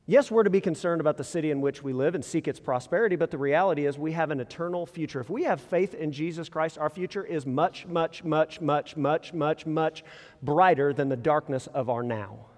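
Male pastor with a higher voice, conversational preacher who uses rhetorical questions, recorded in a reverberant hall. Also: a little fast, darkish tone. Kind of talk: sermon. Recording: long reverb in a large hall.

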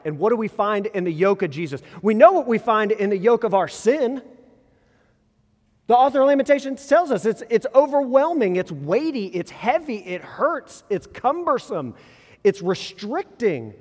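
A man preaching a sermon in a casual, conversational way, full of rhetorical questions and quick restarts. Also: sits high, big pitch swings, darkish tone. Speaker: pastor. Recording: long reverb in a large hall.

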